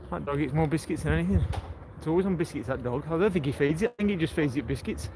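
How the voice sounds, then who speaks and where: Man, walking-stream host, slightly higher voice, jokey and chatty, phone mic with street noise and cars behind. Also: fast talker. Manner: chatty, jokey, greets passersby warmly. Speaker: livestream host. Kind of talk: casual walking livestream chat. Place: outdoors on a coastal town street. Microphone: handheld phone while walking. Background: street ambience and passing vehicles.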